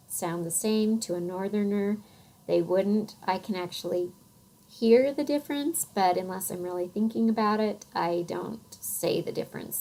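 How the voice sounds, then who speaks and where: A middle-aged woman with a Western American accent, giving a recorded phonics lecture in an unhurried, thoughtful way with many soft fillers. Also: medium pitch, vocal fry, a little hiss or hum, low-quality recording. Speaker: teacher.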